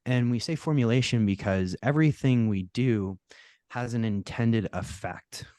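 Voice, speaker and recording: A middle-aged man, a podcast guest, explaining his work in relaxed interview chat with a touch of self-deprecating humor. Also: medium pitch, normal speed, clean tone, no room sound. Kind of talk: casual interview talk.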